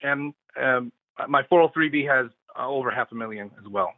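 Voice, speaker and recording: A man's voice: medium pitch, fairly quick, no echo. Polite forty-something male caller on a phone line. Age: 40s. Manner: polite, hesitant, with many fillers. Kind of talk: phone-in question.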